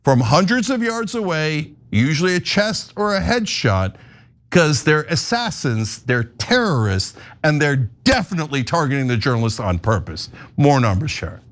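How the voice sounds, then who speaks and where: A man's voice: a little high, big pitch swings, normal speed. A man hosting an online political show, delivering heated, sarcastic commentary with emphatic indignation. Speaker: host.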